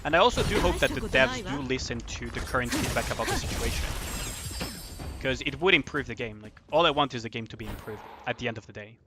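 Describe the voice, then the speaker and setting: A man's voice: mid-range voice, lively intonation, fast talker, background noise. A man streaming a game and chatting casually with viewers, rambling and often asking "right?" as he talks. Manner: rambling, repeats "right?" and "at the end of the day". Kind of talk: casual chat while playing a game.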